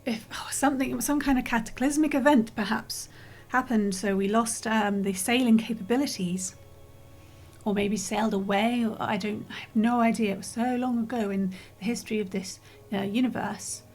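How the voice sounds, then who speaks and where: Chatting casually over a game, a woman streamer rambles, apologizes, restarts sentences and leans on fillers, sounding a little out of breath and yawning now and then. It's easygoing let's-play commentary. Her voice is on the high side, steady and a touch mellow, at a moderate pace, with soft music in the background.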